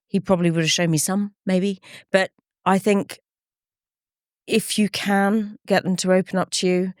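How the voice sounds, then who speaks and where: A woman's voice: medium pitch, steady tone, normal speed, dry recording, clean studio sound. A middle-aged woman speaking candidly as a campaigner in an interview, earnest and reflective, often retelling conversations in quoted speech. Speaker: campaigner guest.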